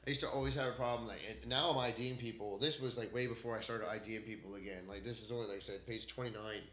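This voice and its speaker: A man ranting to camera in an unscripted solo vlog, profane and heated, swinging between loud outbursts and muttering. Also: lowish voice, steady tone, quick pace, slight background noise. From United States. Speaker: vlogger. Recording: echoey room.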